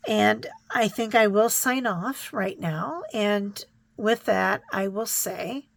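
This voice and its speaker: A middle-aged woman chatting gently to her viewers in a crafting vlog, reflective and a little choked up, with many pauses and restarts. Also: medium pitch, vocal fry. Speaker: crafting vlogger. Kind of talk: casual chat to viewers.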